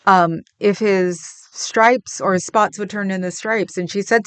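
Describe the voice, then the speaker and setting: A woman's voice: mid-range voice, steady tone, normal speed, hardly any pauses, fairly bright tone, clean tone, no echo. A woman from the Bay Area hosting a casual livestream chat, answering viewers with frequent laughs. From San Francisco Bay Area. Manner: chatty, laughs often, rambling. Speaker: livestream host.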